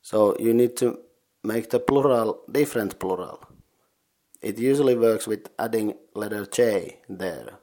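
A man hosting a podcast, teaching game words slowly, syllable by syllable, while sitting in an unheated sauna. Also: fairly low pitch, dark tone. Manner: slow, careful syllable-by-syllable pronunciation. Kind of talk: casual language lesson.

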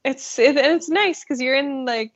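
A woman's voice: sits high, normal speed. A woman photographer as a podcast guest, talking candidly and self-deprecatingly, laughing easily. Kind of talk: casual conversation. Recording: dull lo-fi sound.

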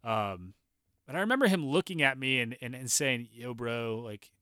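A young man casually telling a personal story, animated and profane, often laughing. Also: medium pitch, moderate pace, no echo, clean studio sound.

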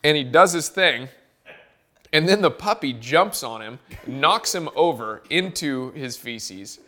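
A man in his thirties, a podcast guest and golf caddie, telling a funny family story in a casual, animated way and laughing as he goes. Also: on the high side, slow.

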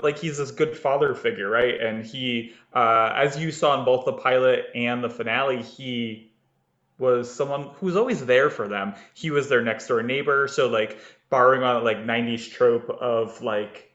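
A podcast co-host rambles through a casual chat with lots of fillers and frequent laughs. His voice is medium-pitched, a bit bright and reverberant, and the recording has a slightly dull lo-fi sound.

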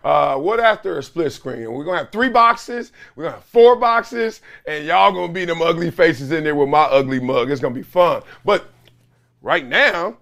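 A middle-aged man hosting a solo sports commentary show, talking in an animated, sarcastic way with loud whoops, his voice hoarse. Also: a little high, moderate pace.

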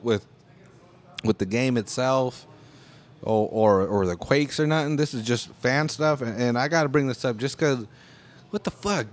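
A young American man in a casual, profane monologue, talking with heavy emphasis. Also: medium pitch. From United States. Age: young adult.

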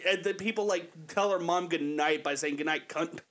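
A man's voice: high voice, fairly quick, a bit bright. A man co-hosting a comedy podcast, rambling crudely and laughing through casual chat. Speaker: podcast co-host.

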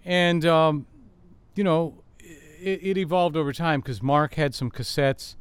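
A man's voice: on the high side, slow, clear, resonant tone, dry recording. Older man telling rambling stories. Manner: rambling, animated storyteller with many fillers. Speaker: guest musician. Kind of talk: storytelling interview answers. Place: backyard, outdoors.

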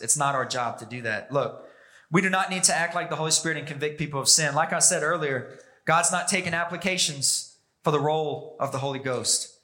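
A man preaching a sermon as pastor, emphatic, pushing his pitch and pace up and down for emphasis. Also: sharp tone.

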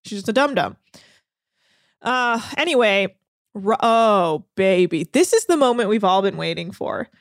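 A woman co-hosting a podcast, recapping a reality show in an animated, sarcastic way, laughing and swearing often. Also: medium pitch, unhurried, no echo, clean studio sound. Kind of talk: casual chat.

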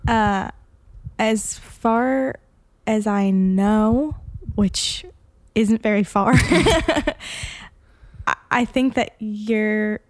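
A woman's voice: medium pitch, darkish tone, no room sound. A woman co-hosting a podcast, laid-back, laughing easily and swearing casually. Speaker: podcast co-host.

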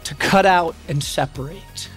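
A man preaching a sermon as pastor, building dramatically and rising to shouts on repeated refrains. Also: fairly high pitch, measured pace, breathy edge, soft background music.

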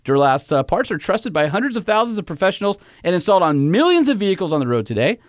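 A man's voice: high voice, very animated, fast, no echo, clean studio sound. A man co-hosting a casual podcast, joking around and reading ads in a conversational way. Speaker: podcast co-host. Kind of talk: casual chat and host-read ads.

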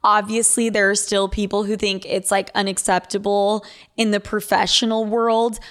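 A woman's voice: mid-range voice, flat delivery, moderate pace, a bit bright, smooth. Blunt, profane Valley girl woman. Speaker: advice podcast host. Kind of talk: casual advice chat, reading listener letters.

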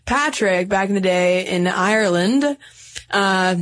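A woman's voice: mid-range voice, takes it slowly, fairly bright tone. A woman co-hosting a podcast in casual, jokey chat, often reading quotes aloud. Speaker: podcast co-host.

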